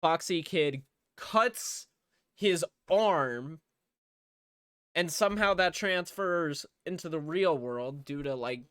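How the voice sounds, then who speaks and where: A man's voice: on the high side, sharp tone, clean tone, dry recording, studio quality. A man casually recapping a movie plot in a rambling, profane way, with lots of fillers. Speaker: movie reviewer.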